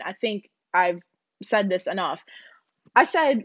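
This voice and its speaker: A woman's voice: on the high side, slow pace, no echo, dull audio. A young woman, telling a blunt, profane storytime rant to her viewers. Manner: blunt, loud, profane, animated. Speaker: vlogger. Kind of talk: casual ranting storytime.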